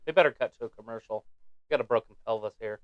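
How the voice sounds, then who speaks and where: A man's voice: mid-range voice, very fast, dry recording, phone-quality sound. A man co-hosting a watch-along stream in casual chat, blurting out reactions to the match and swearing.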